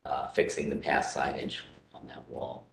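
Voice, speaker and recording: A male commissioner with an extremely deep voice gives his view plainly and candidly. The room echoes, with a faint low rumble behind him. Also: little pitch movement, normal speed, a bit bright. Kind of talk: meeting discussion. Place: council chamber.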